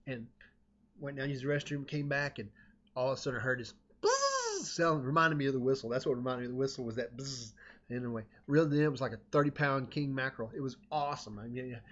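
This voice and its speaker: A man telling a casual personal anecdote in a rambling, animated way, often cutting himself off mid-sentence. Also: mid-range voice. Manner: rambling, self-interrupting, animated. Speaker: storyteller. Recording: dull lo-fi recording.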